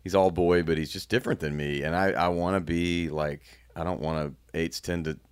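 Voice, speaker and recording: Man with an extremely low voice, guest in a conversation, thoughtful, stops and restarts often. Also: fairly even intonation, clean tone. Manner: reflective, halting, many restarts. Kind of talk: candid personal conversation.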